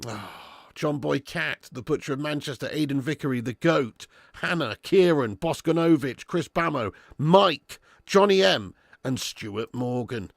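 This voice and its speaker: Gravelly, sweary fan host. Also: male voice, fairly high pitch, a little slow. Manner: sweary, bantering, excitable. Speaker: host of a football fan watch-along. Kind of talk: live match commentary and chat.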